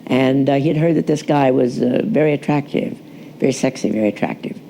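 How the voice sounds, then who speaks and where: A man's voice: mid-range voice, fairly quick, gravelly, warm tone, a little hiss or hum. A man interviewed for a documentary, chatty, telling stories with fillers and restarts. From Texas, USA. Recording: music playing under the voice.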